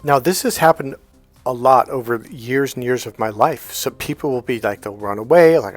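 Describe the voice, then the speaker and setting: A man's voice: mid-range voice, expressive, normal speed, no room sound, soft background music. A man coaching in a casual motivational monologue, talking conversationally with frequent restarts and quoted dialogue. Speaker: dating and healing coach.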